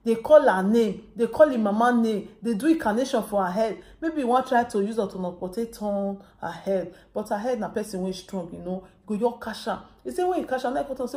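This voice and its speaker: A woman speaking with a Nigerian Pidgin accent tells a story in a casual vlog, slipping into the quoted lines of each person in it. Her voice is warm and mellow. The sound bounces around an echoey room. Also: mid-range voice, fairly quick, few pauses. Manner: retells a story with quoted dialogue. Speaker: vlogger.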